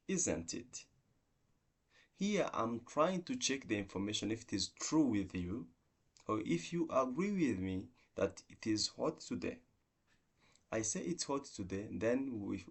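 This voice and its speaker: Low-voiced man teaching English grammar. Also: vocal fry, slightly rough. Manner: explaining slowly with repeated example sentences. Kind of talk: online grammar lesson.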